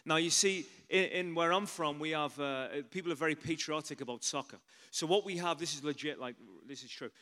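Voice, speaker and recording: A man preaching in a loose storytelling way, full of "you know" asides and animated turns. His voice sits fairly high for a man, and the sound rings with a long hall reverb. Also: brisk. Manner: chatty, animated, many asides. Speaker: pastor. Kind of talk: storytelling sermon.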